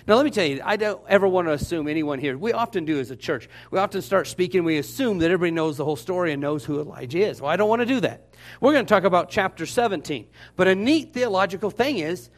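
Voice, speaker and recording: A man preaching a Baptist sermon, telling the story in an animated, joking way. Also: high voice. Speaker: Baptist pastor.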